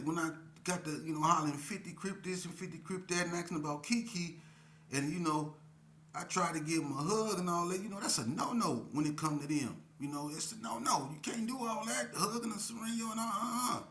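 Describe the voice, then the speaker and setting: A man's voice: high voice, sharp tone, echoey room, slight background noise. A man telling a prison story in casual street slang, full of fillers and acted-out quotes. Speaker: storyteller recounting prison life.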